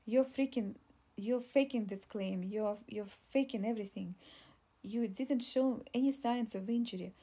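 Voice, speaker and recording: A woman's voice: fairly high pitch, a little slow, husky. A woman voicing an angry, nervous male attorney who screams insults in an audiobook reading. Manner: loud, insulting, desperate.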